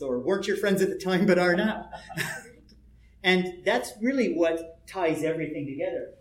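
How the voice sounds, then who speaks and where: A man giving a conversational workshop talk on building role-play personas, rambling with frequent asides and chuckles. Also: on the high side. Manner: rambling, chuckling, many "you know" asides. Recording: echoey room.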